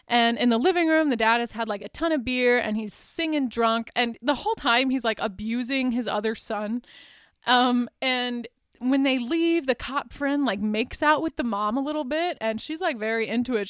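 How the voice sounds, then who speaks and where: A woman with a somewhat high, smooth voice recaps a movie for her podcast. She rambles casually, scattering "like" and "um" and small laughs through her sentences. The sound is close and dry, with no room around it. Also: no room sound. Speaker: podcast host.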